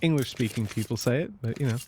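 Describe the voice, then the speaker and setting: A man from Ireland with an Irish accent tinged with American, commentating an esports match with jokey banter and excited play-by-play. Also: mid-range voice, fast talker, slight background noise. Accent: Irish, mixed with American. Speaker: esports caster.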